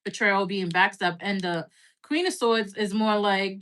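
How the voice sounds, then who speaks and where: A woman with a medium-pitched, fairly even voice that's a little slow and slightly bright gives a casual tarot reading on a live stream. She's blunt and chatty, swears freely, and says "like" constantly, all while fighting the hiccups.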